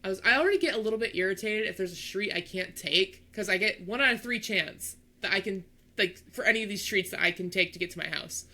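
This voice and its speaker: A young woman co-hosting a podcast, telling a story in casual chat, animated and acting out the people in it. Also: medium pitch, fast. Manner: animated storyteller, acts out voices, laughs. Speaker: podcast co-host.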